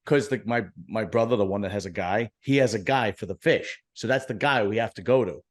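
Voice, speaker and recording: Brief: deep-toned male podcast host, profane, jokey, rambling casual chat. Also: a little fast. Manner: joking, profane, rambling with restarts.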